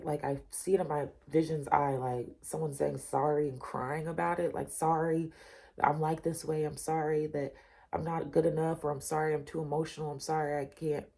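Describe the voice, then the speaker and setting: Talking straight to "you" and "y'all," this tarot reader keeps returning to her points, stressing them and offering comfort in a casual reading. Her low-pitched voice is creaky and warm, with a breathy edge.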